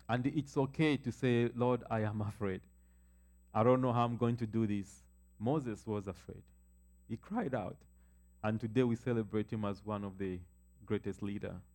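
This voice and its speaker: A man preaching a sermon as pastor, building emphasis and slowing down to read scripture aloud. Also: medium pitch, dark tone.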